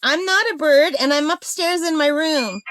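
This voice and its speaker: A woman's voice: sits high, normal speed, a bit bright, dry recording. A woman in her bedroom talking to her pet bird in playful baby talk. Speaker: craft vlogger, pet owner. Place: upstairs bedroom.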